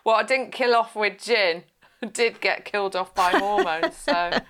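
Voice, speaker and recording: A woman's voice: medium pitch, a little slow, a bit bright. A woman in her forties talks openly as a podcast guest. She chats frankly and laughs easily as she goes, in a middle-range voice. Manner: frank, chatty, laughs often mid-sentence. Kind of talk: podcast interview chat.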